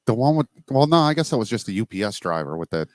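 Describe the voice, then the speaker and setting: A man's voice: lowish voice, big pitch swings, fast talker, darkish tone, dry recording, clean studio sound. A man co-hosting a casual talk show who chimes in with short remarks and crude teasing. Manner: chiming in briefly, teasing. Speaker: co-host. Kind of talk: casual chat.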